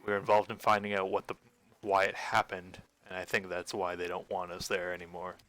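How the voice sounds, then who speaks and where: A man's voice: low voice, little pitch movement, fairly quick, a bit bright, poor audio. A man playing a tabletop game, speaking tersely and matter-of-factly. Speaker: player.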